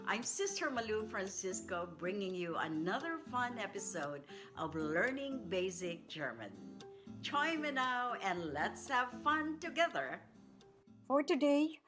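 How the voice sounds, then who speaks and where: A woman teaching a radio language lesson, enunciating slowly and carefully and repeating each word. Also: medium pitch.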